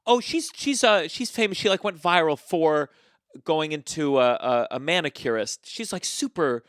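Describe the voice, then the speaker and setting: Man, podcast host, animated storytelling, slightly high pitch, dry close mic. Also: moderate pace, smooth, dry recording. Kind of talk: casual podcast chat.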